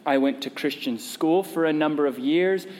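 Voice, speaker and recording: A man's voice: a little high, normal speed, a little mellow, in a large hall. A male pastor preaching a conversational sermon and prompting the congregation to respond. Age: adult parent.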